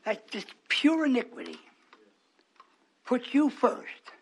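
A man preaching a sermon to his congregation, moving between hushed, whispered asides and raised, emphatic lines, with chuckles between. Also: extremely high pitch, wildly swooping pitch, takes it slowly, breathy edge.

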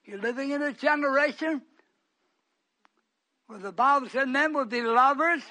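A man preaching a fiery sermon, scolding his listeners, shouting at times and dropping to hushed tones at others. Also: very high-pitched, normal speed.

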